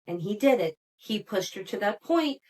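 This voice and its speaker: A woman hosts a podcast and talks through a reality TV episode in a loose, gossipy recap. Her voice sits at a middle pitch, and she keeps up an animated, chatty flow full of "like" fillers and quick laughs. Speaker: podcast host.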